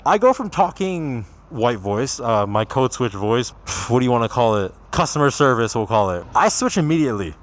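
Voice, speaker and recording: A young man with a Toronto accent talks straight to his viewers in a loose, rambling rant. He swears freely and speaks bluntly at an ordinary, middling pitch. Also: big pitch swings, moderate pace, hardly any pauses. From Canada. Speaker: vlogger. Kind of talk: casual rant to camera.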